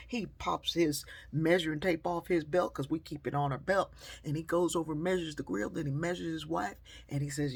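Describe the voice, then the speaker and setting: A woman storyteller at home, lively and expressive, with a husky voice. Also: sits low, normal speed. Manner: animated, shifting between loud and hushed. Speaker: storyteller and speaker. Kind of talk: personal storytelling monologue. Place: at home by a sewing machine.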